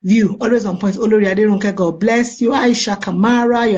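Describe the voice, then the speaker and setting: A woman's voice: on the high side, fairly even intonation, normal speed, few pauses, darkish tone. A middle-aged woman with a Nigerian accent, chatting casually on a live stream and greeting viewers by name. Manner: chatty, playful, answers comments by name with blessings. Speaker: live-stream host reading viewer comments. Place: United Kingdom.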